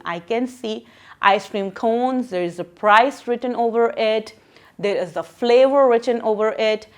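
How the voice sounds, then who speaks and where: A woman's voice: fairly high pitch, fairly bright tone. A woman teacher explaining a lesson to children, patient and repeating her questions.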